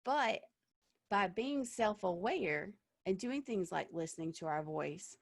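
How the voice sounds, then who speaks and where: A woman's voice: mid-range voice, animated, slow, creaky, no room sound, studio quality. A woman theatre director giving practical audition advice in an online workshop, chatty and encouraging, with frequent fillers and small laughs. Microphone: video call.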